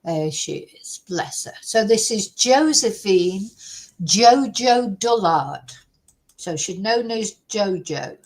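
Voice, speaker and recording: A woman's voice: mid-range voice, animated, slow pace, low-quality recording. A woman hosting a true crime chat, ranting indignantly and swearing freely as she talks from her computer at home. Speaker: true crime channel host. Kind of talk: casual chat.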